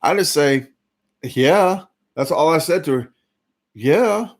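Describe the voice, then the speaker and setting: With a fairly high voice and a slightly fast delivery, a man chats casually on a live stream after an eating challenge. He rambles, greets viewers by name, and comes across as full and sluggish from the big meal.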